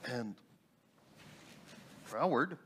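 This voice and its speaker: A man, a New Thought minister and instructor, sharing a personal story in a relaxed panel talk with humorous asides. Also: medium pitch, drawn-out words, slight background noise.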